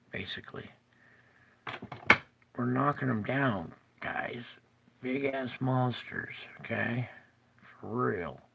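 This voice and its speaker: A man's voice: mid-range voice, creaky, background noise. A man hosting his own show, rambling in a tired, jokey way and often breaking off his own train of thought. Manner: rambling, jokey and self-interrupting. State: tired, yawning. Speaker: show host. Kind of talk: casual commentary over maps.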